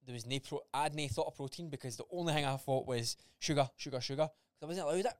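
A young man talks quickly in a blunt podcast chat, swearing freely and acting out old conversations. His voice is smooth and clear. The sound is dry and close. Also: medium pitch, no echo. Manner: blunt, swears freely, acts out quoted dialogue. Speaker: podcast co-host. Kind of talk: casual chat.

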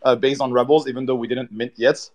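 A man's voice: mid-range voice, steady tone, quick pace, crowd noise. Rambling man talking about his project. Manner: loose and rambling, many fillers. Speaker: NFT project team member. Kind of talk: casual chat.

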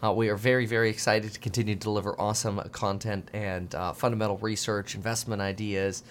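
A man giving casual, animated market commentary, reading news aloud with jokey asides and mocking quoted voices. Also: on the low side, fast, a little hiss or hum. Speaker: finance commentator.

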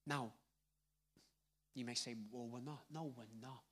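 A man with a Liverpool accent preaching a live sermon on a handheld microphone, conversational and swinging between loud emphasis and hushed asides. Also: medium pitch, fairly even intonation, unhurried. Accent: Liverpool (Scouse). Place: church hall with congregation.

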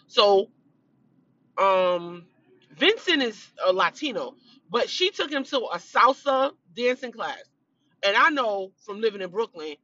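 Chatty woman with a bright, sharp tone, gossipy recap style, a bit congested, dull lo-fi audio. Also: on the high side, dry recording. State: congested, clearing throat. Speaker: reality show recapper. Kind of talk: casual chat.

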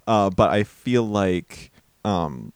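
A man co-hosting a podcast in casual chat, animated and hedging, laughing often. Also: sits low, slow pace, clean tone, no echo. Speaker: podcast co-host.

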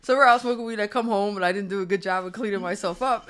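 A woman's voice: medium pitch, quick pace. A woman in her thirties co-hosting a podcast, chatting casually and acting out the quotes in her stories. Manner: animated storyteller, acts out quotes. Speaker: podcast co-host. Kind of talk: casual chat.

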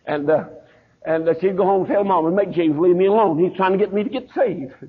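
Husky older preacher on a tinny recording. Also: male voice, high voice, quick pace. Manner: folksy storytelling preacher, sometimes quiet and sometimes rising. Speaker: pastor. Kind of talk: sermon. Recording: tinny phone-like old sermon recording.

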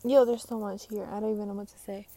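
A woman's voice: mid-range voice, steady tone, fast talker, warm tone, no echo. Rambling young woman telling a story. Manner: rambling, filler-heavy, swears freely. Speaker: streamer. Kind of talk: casual storytelling.

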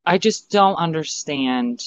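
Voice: medium pitch, animated, slow. A podcast co-host in casual chat, giving blunt, profane, rambling opinions, recorded with slightly muffled audio.

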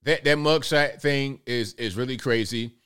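A man's voice: mid-range voice, a little slow, fairly bright tone, clear, resonant tone. A man hosting a live political commentary show, talking to his audience in a casual, direct, folksy way and repeating points for emphasis.

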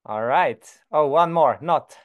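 A young Swiss man teaching beginners basic German, calm and patient, slowing down to model each word. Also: a little high, clean tone, narrow, tinny audio. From Switzerland. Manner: patient, slows down to model words. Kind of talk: beginner language lesson.

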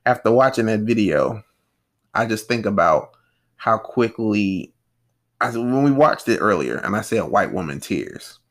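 A man co-hosting a podcast who talks in a casual, animated way. His pitch swings widely as he tells stories, and he often acts out what other people said. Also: measured pace. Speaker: podcast co-host.

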